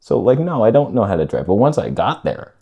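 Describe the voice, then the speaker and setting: A man's voice: on the low side, brisk, gravelly, slightly rough, highs cut off. A man vlogging, casually retelling a story in laid-back slang with some swearing. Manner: animated retelling that acts out quoted voices.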